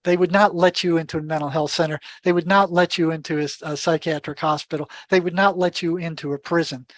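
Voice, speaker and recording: An older man speaking as an interview guest, his voice sitting somewhat high for a man. He tells his stories with animation and acts out the dialogue, often stumbling over and repeating words. The recording is close and dry. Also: fairly even intonation, fast, no room sound. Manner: repeats words and restarts sentences. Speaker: podcast guest. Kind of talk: storytelling in an interview.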